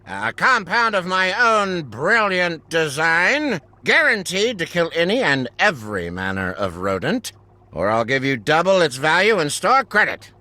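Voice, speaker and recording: A man's voice: a little high, wildly swooping pitch, measured pace, sharp tone, no echo, exaggerated voice. An actor playing a pompous, busy male alchemist shopkeeper in a video game, haughty and theatrical.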